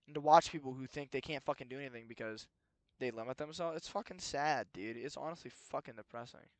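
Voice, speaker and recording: A young man ranting in a rambling, profane solo monologue, moving between low muttering and heated outbursts. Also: quick pace, no room sound. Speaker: solo podcast host. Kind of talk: rambling late-night monologue.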